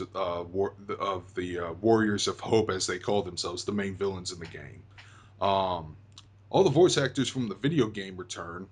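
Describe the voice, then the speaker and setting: Rambling low-voiced young man. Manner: rambling with many fillers and restarts. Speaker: host. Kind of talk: casual podcast chat about a video game.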